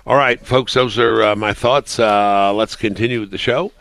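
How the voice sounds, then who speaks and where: Male radio host, very deep voice, dry close sound, hesitant commentary full of uhs and restarts. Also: steady tone, creaky, a bit bright, dry recording. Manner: halting, many fillers and restarts. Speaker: radio talk show host. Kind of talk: political talk radio commentary.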